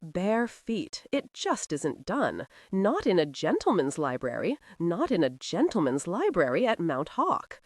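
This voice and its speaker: A woman's voice: on the low side, huge pitch swings, measured pace, few pauses, dry recording, studio quality, exaggerated voice. A woman voicing a fussy, very old male housekeeper who speaks in a prim, reproachful, formal way in an audiobook.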